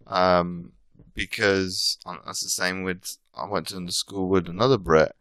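Very deep-voiced British man, rambling. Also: steady tone, unhurried, fairly bright tone, dry recording. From Britain. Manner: rambling, frequent restarts and self-corrections. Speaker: podcast guest, coach. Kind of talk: casual interview chat.

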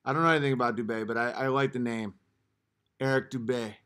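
A man live-streaming, ranting at his chat in a combative, profane way, repeating short phrases and swinging between muttering and yelling. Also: medium pitch, steady tone, fast talker, clean tone.

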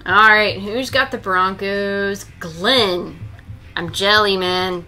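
A woman hosting a live trading card break, reading out each pull in a steady rundown and gasping and squealing over the good ones. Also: mid-range voice, takes it slowly, faint music behind. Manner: reads out names in a steady rundown. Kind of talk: live stream commentary.

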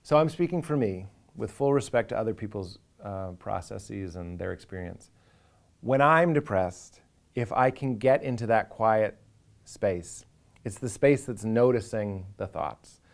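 A man's voice: fairly low pitch, expressive, unhurried, vocal fry. A man, a comedian talking earnestly and with animation in a reflective interview, now and then acting out inner voices for a laugh.

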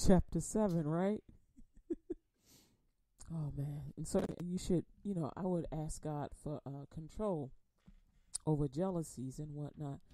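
Slow, warm-voiced woman preacher. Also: lowish voice, dry recording. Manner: chatty, laughs often, acts out quoted voices; reads scripture slowly and deliberately. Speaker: radio preacher. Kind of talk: casual sermon.

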